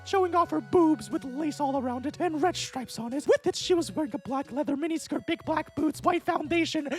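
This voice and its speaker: A man putting on the voice of a cheerful male cartoon mouse to read fan fiction as a comedy bit, breaking off for incredulous, mocking asides. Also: extremely high pitch.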